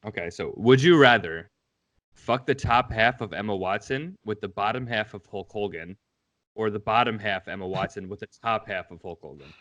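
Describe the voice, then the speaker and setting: A young man co-hosting a podcast in casual chat, relaxed with a dry teasing manner. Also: on the low side, normal speed. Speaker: podcast co-host.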